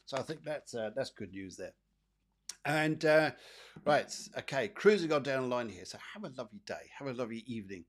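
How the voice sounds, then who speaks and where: A man's voice: medium pitch, expressive, brisk. A man hosting a live psychic show, giving chatty, rambling readings and often repeating his phrases. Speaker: psychic medium host.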